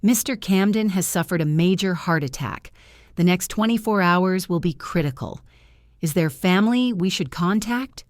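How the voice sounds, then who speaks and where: A woman voicing a calm, neutral male hospital doctor in a careful, even way in a storybook narration. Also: high voice, moderate pace, dry recording, clean studio sound.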